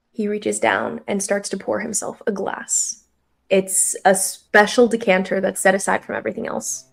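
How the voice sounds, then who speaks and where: A woman's voice: medium pitch, gravelly. A woman running a tabletop game as game master, chatty and giggly, with many fillers and restarts.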